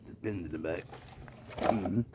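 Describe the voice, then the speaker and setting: A man's voice: low voice, normal speed, heavy background noise. A man casually narrating as he drives a small RC truck on an outdoor trail, talking playfully to the truck, recorded on a phone on a mount. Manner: playful, talks to his toy truck. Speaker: RC crawler hobbyist. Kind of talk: casual outdoor vlog commentary.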